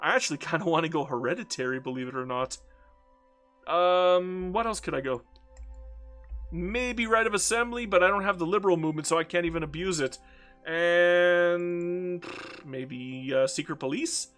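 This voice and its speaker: A Canadian man with a fairly high voice and a Canadian accent, commentating his strategy game in a casual, ranting way. He swears freely and stumbles over repeated words. Faint music plays under his talk. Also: moderate pace, fairly bright tone. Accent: Canadian English.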